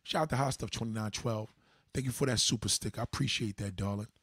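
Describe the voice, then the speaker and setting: A man's voice: fast talker, fairly bright tone, breathy edge, dry recording, clean studio sound. A man hosting a livestream, giving blunt, profane advice to his viewers in a casual, preachy way. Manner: mimics others in higher pitch. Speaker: livestream host.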